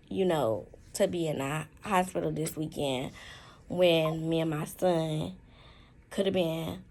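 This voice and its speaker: A young woman talking candidly in a personal vlog from a hospital room, in slow, halting, heartfelt speech with many fillers. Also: low-pitched, slight background noise, low-quality recording. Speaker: vlogger.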